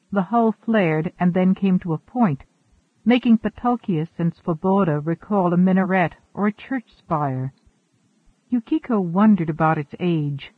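Male audiobook narrator, high-pitched, measured delivery, dry tinny phone-like sound. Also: dry recording. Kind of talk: scripted narration.

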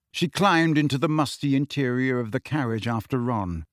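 Brief: male narrator in his thirties, medium pitch, steady storybook reading, dry recording. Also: normal speed, hardly any pauses, no room sound. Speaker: audiobook narrator. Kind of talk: scripted narration.

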